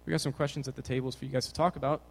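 A man's voice: medium pitch, racing, creaky, low-quality recording. A young man giving a casual, jokey sermon to teenagers as a youth pastor, talking with energy. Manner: energetic, jokey, bouncing around.

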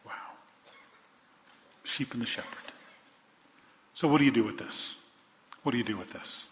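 In a hall with long reverb and dull sound, a male pastor with a medium-pitched voice preaches at a normal speed. He poses rhetorical questions to the congregation and builds toward emphatic points.

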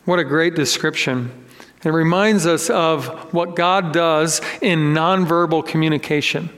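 A man preaching a sermon as pastor, telling a personal story in an animated, self-deprecating way. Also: a little high, unhurried. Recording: long echoey reverb of a hall.

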